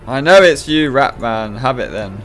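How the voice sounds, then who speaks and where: Exasperated sweary gamer. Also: male voice, medium pitch, animated, normal speed, a bit bright, faint music behind. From United Kingdom. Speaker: let's play gamer. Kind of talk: gameplay commentary.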